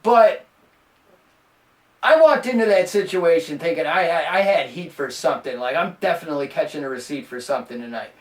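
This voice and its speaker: A man hosting a podcast, telling a rambling, profane story in a casual, animated way. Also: on the high side, fairly quick, roomy sound, far from the mic. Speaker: podcast host.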